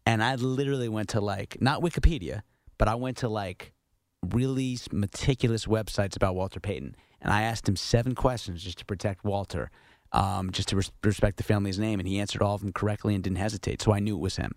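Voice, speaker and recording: A man working as producer on a sports radio show, bantering quickly and jokingly with the host. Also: on the low side, a little mellow, no room sound, clean studio sound. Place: radio studio. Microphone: studio microphone.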